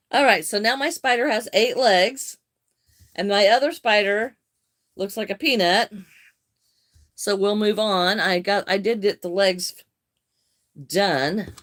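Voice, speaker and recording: Slow-talking older woman live streamer. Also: medium pitch, fairly bright tone. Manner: unhurried, friendly, greets viewers by name. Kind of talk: casual live-stream chat answering viewer comments.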